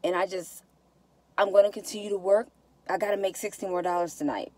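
A woman's voice: medium pitch, steady tone, a little fast, warm tone, no room sound. A woman talking to her viewers in a casual vlog, heartfelt and repetitive, close to tears. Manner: heartfelt, repeats herself, says y'all. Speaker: vlogger.

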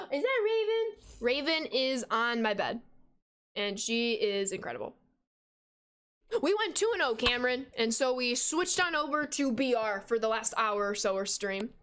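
A young woman in her twenties streaming a baseball video game, chatting with viewers and reacting with sudden excited squeals. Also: fairly high pitch, normal speed. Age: 20s. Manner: chatty, reads out and answers chat while playing. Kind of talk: casual game stream chat.

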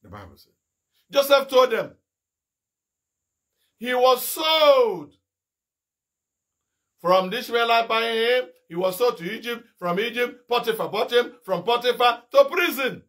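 This fiery Nigerian preacher, a middle-aged man, delivers his sermon at a moderate pace in a high, ringing, piercing voice with a bright edge. Rhetorical questions pour out of him, punctuated by abrupt shouted rebukes, as he alternates between scolding his listeners and exhorting them.

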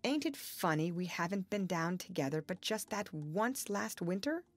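A woman's voice: lowish voice, animated, moderate pace. A woman voicing a troubled, yearning young farmer, speaking in an earnest, pleading way in an audiobook.

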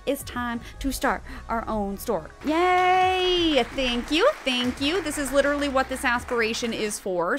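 A woman streamer giving bubbly, chatty commentary while playing a life-sim game, often gasping with excitement and talking to her viewers. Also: fairly high pitch. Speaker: gaming streamer. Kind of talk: casual gameplay commentary.

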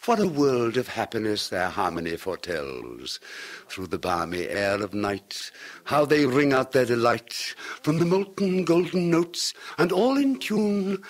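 A man giving a dramatic literary reading with crisp, precise diction, swinging between hushed murmurs and loud declaiming. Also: medium pitch. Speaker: reader of classic verse and tales.

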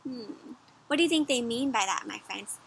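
A young woman reading a picture book aloud for children, animated, often pausing to ask her listeners questions. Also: on the high side, creaky, a little hiss or hum. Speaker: children's storyteller. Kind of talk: interactive read-aloud for kids.

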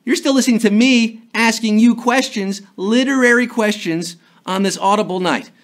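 A man's voice: high-pitched, moderate pace. A man hosting a live trivia game show, with jokey, hyped-up patter.

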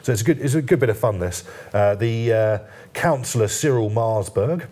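Here a male journalist guest on a TV newspaper review talks at normal speed, his medium-pitched, darkish voice lively in intonation. The studio chat comes out in fits and starts, full of fillers and restarts, with a gentle joking tone.

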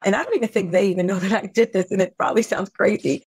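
Woman guest pouring out a hard story, earnest, mid pitch, dry close mic. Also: quick pace, darkish tone, slightly rough, no room sound. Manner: earnest, intense, voice rising high when upset. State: tearful at times. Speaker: podcast guest. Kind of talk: emotional personal storytelling.

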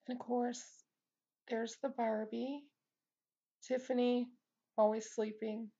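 A woman's voice: on the high side, flat delivery, slow, mellow, muffled recording. Chatty woman vlogging with many fillers. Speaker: beauty vlogger. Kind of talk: casual vlog chat.

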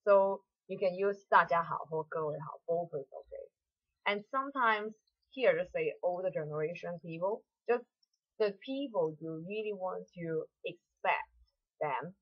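Low-voiced woman teaching. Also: breathy edge. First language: Mandarin. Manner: explains patiently in halting English, slowly models phrases. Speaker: Mandarin teacher. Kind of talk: language lesson. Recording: dull lo-fi audio.

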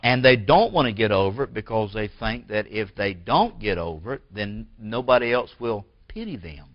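A man preaching a sermon as pastor in a church. He swings from forceful bursts to quiet, hushed lines. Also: on the low side, sing-song, moderate pace, no echo, lo-fi sound. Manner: preaching with rising emphatic bursts and drops to near-whisper.

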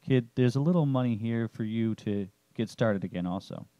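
A man voicing a raspy, caring old father figure in a narrated story. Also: medium pitch, normal speed, dark tone, no echo, lo-fi sound, lightly acted. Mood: frank.

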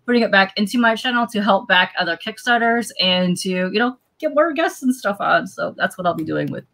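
A woman's voice: mid-range voice, fairly quick, creaky. Laughing woman guest telling stories. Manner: lively storyteller, laughs often. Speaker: podcast guest. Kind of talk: casual chat.

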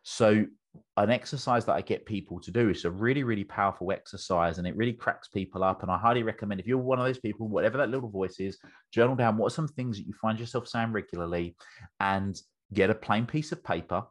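A man's voice: lowish voice, quick pace. A British man, a business coach, explaining a method with enthusiasm as an interview guest, often restarting his sentences.

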